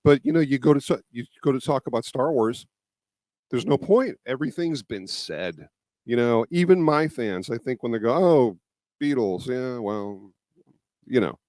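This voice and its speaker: A man in his fifties, a guest in a casual interview, telling stories in an animated, self-deprecating way while his voice keeps cracking. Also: medium pitch, normal speed, no echo. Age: 50s. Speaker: guest YouTuber.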